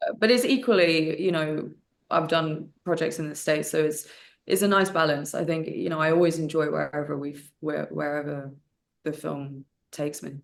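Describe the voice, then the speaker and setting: A young woman talks about her work in a relaxed interview. Her voice sits fairly low for a woman, and her speech is animated, full of fillers and quick restarts. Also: creaky. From United Kingdom. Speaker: actress and martial artist guest. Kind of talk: casual interview chat.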